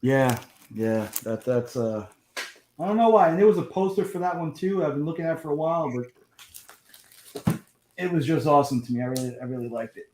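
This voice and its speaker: Man in his 40s, easygoing talk-show host, slightly higher voice, unhurried. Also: expressive, background noise. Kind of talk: casual live panel chat.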